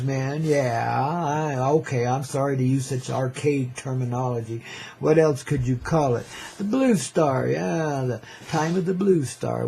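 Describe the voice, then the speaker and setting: A dark, husky mid-range voice belongs to an older radio host rambling in a laid-back hippie drawl. His casual monologue is dotted with "man" and frequent laughter.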